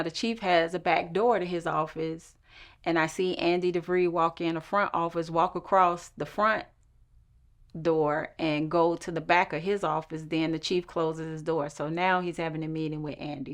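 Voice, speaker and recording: A woman's voice: fairly even intonation, normal speed. A woman telling a personal story, acting out the quoted voices of the people in it. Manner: acts out quoted voices with shifts in pitch.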